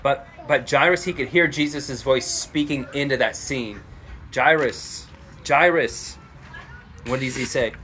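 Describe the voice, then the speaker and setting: A man preaching to his church in a relaxed, conversational way, full of "like" and "you know." He reads scripture and retells stories, raising his voice when he acts out the quoted lines. A faint hiss sits under his voice. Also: medium pitch, normal speed, hardly any pauses. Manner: casual storytelling with frequent "like" fillers, raising his voice in quoted lines. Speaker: pastor. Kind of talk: sermon.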